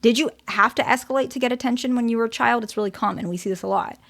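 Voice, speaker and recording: A woman's voice: a little high, rapid-fire, vocal fry, fairly bright tone. Direct woman therapist teaching casually. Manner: direct, checks in with frequent "okay?".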